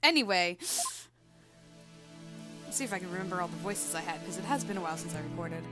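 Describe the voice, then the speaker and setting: A woman talks casually through a game playthrough, chatty and loose, with many small fillers and asides. Game music plays clearly under her voice. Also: lowish voice, fairly quick. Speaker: let's play host.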